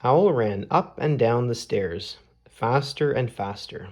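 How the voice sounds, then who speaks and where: Slow, measured man reading a storybook. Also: fairly low pitch, darkish tone. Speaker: storybook reader. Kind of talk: children's story read-aloud.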